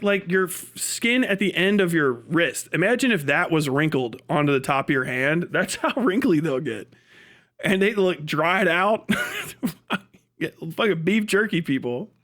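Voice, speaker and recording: Loud swearing man on a livestream. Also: fairly high pitch. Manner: crude, swearing, laughing often, riffing jokes. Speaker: streamer. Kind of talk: casual livestream chat.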